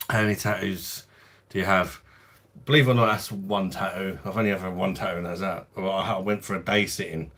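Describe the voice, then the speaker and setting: A man nearing forty with a London accent hosts a relaxed beer livestream. His voice sits a bit low, and he chats easily, answering viewers and calling them mate. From London, England. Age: 30s. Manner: laid-back, chatty, says mate a lot. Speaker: beer review livestream host. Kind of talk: casual livestream chat, reading viewer comments.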